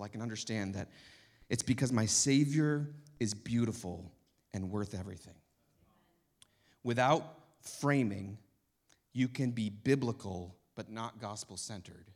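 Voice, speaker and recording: A man giving an impassioned teaching talk to church leaders, speaking emphatically and building to urgent intensity. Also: medium pitch.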